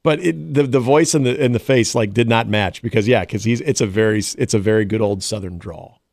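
A man's voice: lowish voice, brisk, vocal fry, a little mellow, dry recording, studio quality. A man co-hosting a sports radio show, chatting casually and often restarting his sentences.

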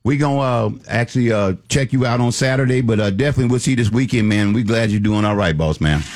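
A man's voice: mid-range voice, fast talker, a little mellow, a little hiss or hum. A man co-hosting a radio talk show, laid-back and slangy with a caller. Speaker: radio co-host.

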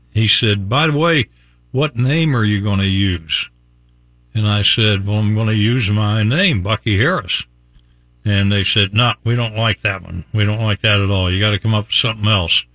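An older man from Virginia, USA hosts a morning radio show, chuckling often as he tells a rambling on-air story. His voice is on the low side and a bit bright, captured dry on a studio mic with no echo.

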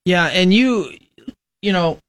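A fairly high-voiced man hosting a talk radio show, wandering from point to point with plenty of ums and you-knows. He is from Nebraska. His voice sits close to the mic in a dead, dry studio. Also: expressive, slow, a bit bright, no room sound. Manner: rambling, conversational, many fillers. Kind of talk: conservative political talk radio monologue.

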